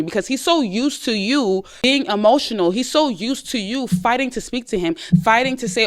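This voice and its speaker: A woman's voice: fairly high pitch, expressive, brisk, hardly any pauses. A woman hosting a podcast, giving dating advice to listeners in an emphatic, casual way and repeating her points. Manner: emphatic, repetitive, addresses listeners directly; acts out short quoted lines in conversation.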